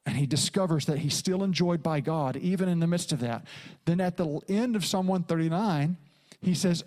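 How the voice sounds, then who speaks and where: A man's voice: high-pitched, a little mellow. Emphatic male pastor preaching a sermon. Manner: preaching with emphatic repetition and dramatic quoted asides.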